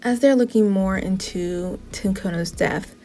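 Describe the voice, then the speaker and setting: A woman's voice: medium pitch, unhurried, mellow, a little hiss or hum. A woman casually recapping the plot of a TV show in a chatty way, with frequent "like" asides. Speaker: TV show reviewer.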